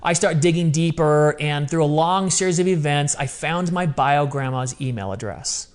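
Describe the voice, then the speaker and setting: Man, 50s, podcast guest, fairly high voice; expressive, conversational storyteller. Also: smooth. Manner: animated, emotional storytelling with quick asides.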